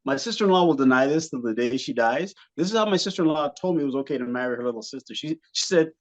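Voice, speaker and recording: A man's voice: medium pitch, very fast, hardly any pauses. A man from Canada, a comedian guest, telling comic stories and laughing often as he talks. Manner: animated, laughing often, jumps into impressions. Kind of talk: comic storytelling.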